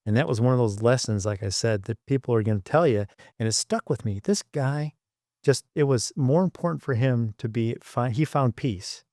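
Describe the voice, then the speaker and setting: This middle-aged Michigan man, a former engineer appearing as a podcast guest, tells stories in an interview and animatedly acts out the voices of people he quotes. His mid-range voice moves fairly quickly, recorded dry with clean studio sound.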